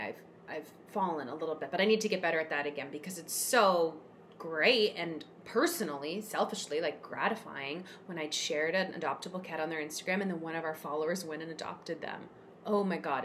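A woman telling a personal story as a guest in a casual conversation, emotional and expressive with frequent fillers. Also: low-pitched, slight background noise. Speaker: podcast guest, cat rescuer.

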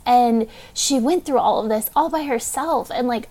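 A young woman with a fairly high voice talks candidly as a podcast host. Her delivery is casual and unpolished, full of "like" and the odd swear word. She speaks with open, heartfelt emotion throughout. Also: normal speed, gravelly, few pauses. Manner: casual, heavy use of "like", frequent swearing. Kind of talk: personal storytelling.

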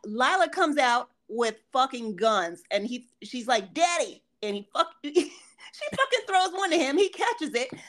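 A woman co-hosting a podcast in casual chat, telling profane, animated stories and acting out what people said. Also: high-pitched, measured pace. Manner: profane, animated storytelling with acted-out quotes. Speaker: podcast co-host.

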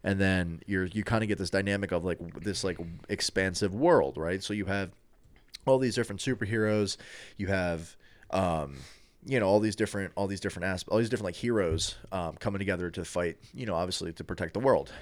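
Deep-voiced man rambling on a podcast. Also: brisk, no echo. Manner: rambling, many restarts and fillers. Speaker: podcast co-host. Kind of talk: casual chat.

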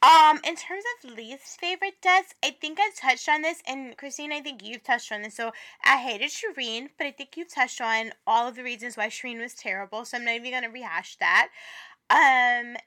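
A woman co-hosting a podcast in casual chat, profane and animated. Her voice sits high and sounds bright. She swings between loud outbursts and quieter asides. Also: moderate pace. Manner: profane, animated, laughing, dramatic. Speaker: podcast co-host.

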